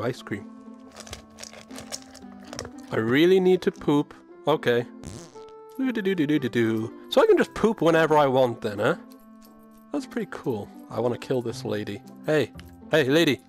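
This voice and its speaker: A man's voice: on the high side, moderate pace, pauses often, faint music behind. A man voicing a crude, cheeky pet dog. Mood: content. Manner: rude, deadpan inner monologue.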